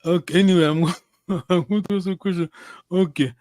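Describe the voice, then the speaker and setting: A man's voice: high voice, fairly even intonation, moderate pace, darkish tone, no echo. A man teaching a language class over a video call, patiently correcting students and often checking in with "yes?". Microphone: computer on a video call.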